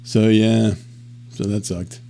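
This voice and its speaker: A man co-hosting a podcast, talking in a relaxed, hesitant way that trails off. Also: lowish voice, slow pace, slight background noise. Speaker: podcast co-host. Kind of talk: casual chat.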